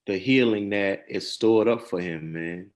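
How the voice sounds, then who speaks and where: A man hosting an interview, responding in an affirming, unhurried way. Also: lowish voice, darkish tone. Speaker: host. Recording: dull lo-fi sound.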